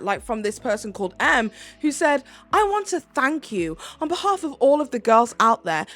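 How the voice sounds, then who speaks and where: A woman's voice: high voice, a bit bright. A British woman giving a heated commentary rant, swearing and stressing her words, with music playing faintly behind. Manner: heated, swearing, emphatic with slow stressed phrases. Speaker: commentary YouTuber.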